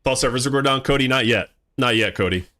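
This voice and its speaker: A man streaming a game live, chatting casually with viewers, excitable, laughing often and swearing casually. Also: medium pitch, fast talker. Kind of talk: casual live-stream chat while playing.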